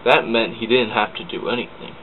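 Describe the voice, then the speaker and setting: A man's voice: medium pitch, fairly even intonation, fairly quick. A man narrating a simple homemade children's train story in a plain storytelling manner. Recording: tinny lo-fi with hiss.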